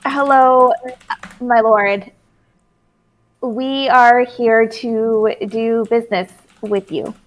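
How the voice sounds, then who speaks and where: A woman voicing an overly courteous, flattering female adventurer in a tabletop game. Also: fairly high pitch, drawn-out words, long pauses.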